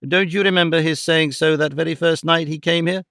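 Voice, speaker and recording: A man voicing a shy, modest young woman who speaks gently and hesitantly. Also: a little high, steady tone, fairly quick, clean tone, dry recording, studio quality. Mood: gentle.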